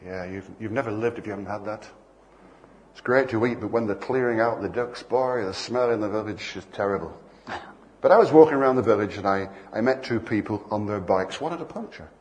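An older preacher with a lowish voice speaks fairly quickly, shifting easily between scripture and playful anecdotes in which he acts out little exchanges with passersby. A faint hiss of noise sits beneath the recording.

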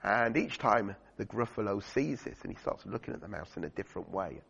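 Male preacher, chatty sermon voice, gravelly and husky, dull lo-fi recording. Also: on the low side, expressive, brisk, a bit bright. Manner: chatty, uses fillers and asks the congregation questions. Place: church. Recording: dull lo-fi recording in a reverberant church hall.

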